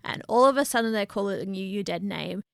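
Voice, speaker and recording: A woman co-hosting a casual podcast chat, talking in an earnest, animated way. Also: medium pitch, brisk, creaky, smooth, no echo, studio quality. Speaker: podcast co-host.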